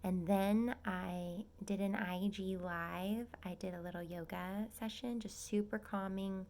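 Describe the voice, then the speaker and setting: Young woman, nursing student vlogger, chatty and gushing, gravelly fry, slips into whispers. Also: medium pitch, steady tone, a little slow, darkish tone. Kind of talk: casual vlog update. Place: at home in a small apartment.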